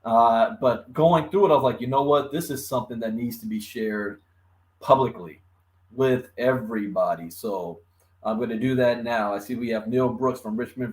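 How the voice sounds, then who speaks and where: A Los Angeles man with a mid-range voice hosts a laid-back crypto live stream. Numb from a dentist visit, he speaks with a slight lisp, greets viewers by name, and chuckles a lot.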